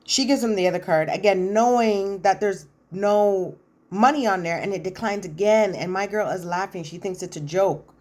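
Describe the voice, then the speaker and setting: A woman giving a casual, opinionated recap commentary on a reality show, retelling scenes in an animated way with slang asides. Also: medium pitch, normal speed.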